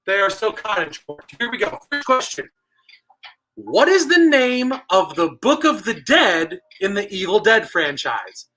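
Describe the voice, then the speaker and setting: Bright, high-voiced playful trivia host. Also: male voice, big pitch swings, unhurried, rough recording. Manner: playful and jokey, rattling off viewer guesses. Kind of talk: livestream game hosting.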